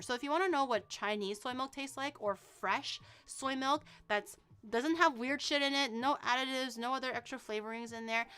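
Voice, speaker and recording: A woman chatting casually on a cooking livestream, excitable and rambling, swearing freely as she goes. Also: on the high side, clean tone. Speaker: streamer cooking on stream.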